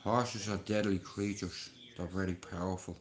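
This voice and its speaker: A man's voice: sits low, fairly even intonation. A man with a Dublin accent telling rambling, swear-laden stories during a casual live stream. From Dublin, Ireland. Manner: drawn-out, rambling anecdotes with swearing and "bro". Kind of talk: casual livestream storytelling.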